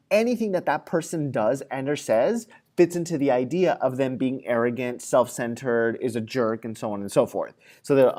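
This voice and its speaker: A man's voice: medium pitch, darkish tone. A man giving a classroom lecture, talking casually with fillers and acting out everyday scenarios in quoted voices. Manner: conversational with frequent fillers. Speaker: psychology lecturer.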